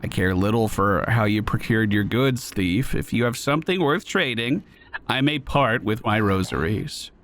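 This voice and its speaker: A man voicing a stern female warrior heroine, curt and icy, pitched low. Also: lively intonation, normal speed, fairly bright tone. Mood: cold.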